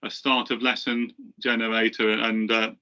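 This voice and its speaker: A man walks through a software demo on a webinar, voice bright and a little forceful. He hesitates often, restarting phrases and filling gaps with ums. The call audio sounds slightly dull and lo-fi. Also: fairly low pitch, flat delivery. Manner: halting, many fillers and restarts. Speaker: presenter from the software team. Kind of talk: webinar presentation.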